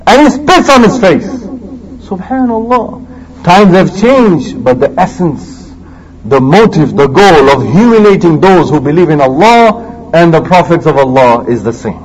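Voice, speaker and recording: A male preacher delivering a sermon in a fairly high voice that leaps up and down with great animation. He shifts between loud emphasis and hushed asides, and rattles off quick Quranic Arabic between his English explanations. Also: expressive, poor audio. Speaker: Islamic preacher.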